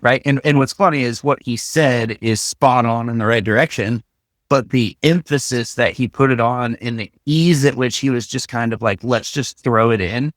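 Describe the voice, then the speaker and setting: A man's voice: medium pitch, normal speed, no echo, studio quality. A man co-hosting a podcast, joking and telling stories in a loose conversational way. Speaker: podcast co-host.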